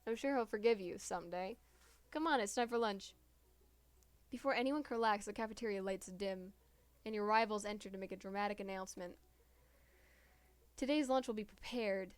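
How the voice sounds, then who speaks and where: A woman's voice: medium pitch, clear, resonant tone, no echo. A woman streamer reading a dating-sim game's text aloud and breaking off into giggling asides.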